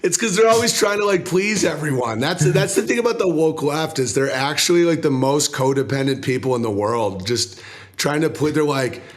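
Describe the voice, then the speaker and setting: A male comedian guest telling profane, animated stories in casual interview chat, laughing often. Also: on the high side, moderate pace.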